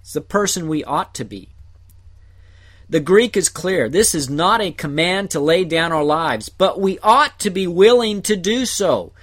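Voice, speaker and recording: A man teaching a Bible passage verse by verse, explaining Greek words in short, deliberate phrases. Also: high-pitched, expressive, a bit bright. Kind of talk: slow verse-by-verse Greek word study.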